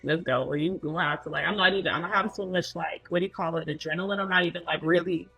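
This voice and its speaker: A woman's voice: on the low side, steady tone, fast, vocal fry, bright, forceful tone, slightly rough, soft background music, low-quality recording. A woman telling her own story as a guest in a loose, casual way, full of filler words.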